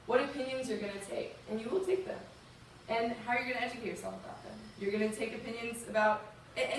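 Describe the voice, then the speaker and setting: A woman's voice: on the high side, slight background noise. A young woman from the American South telling a personal story to a youth audience, earnest and emotional, talking casually with fillers. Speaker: guest speaker. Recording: distant mic in a very echoey room.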